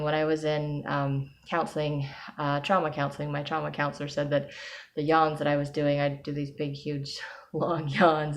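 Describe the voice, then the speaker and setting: Low-voiced woman, soft and hesitant. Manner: soft, hesitant, with many pauses and ums; breaks into small laughs often. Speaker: personal video diarist. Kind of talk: reflective personal vlog.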